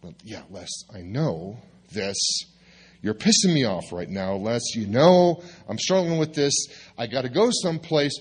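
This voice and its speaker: A male pastor telling a personal story in a sermon, lively and confessional, with self-mocking asides. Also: medium pitch, measured pace, breathy edge.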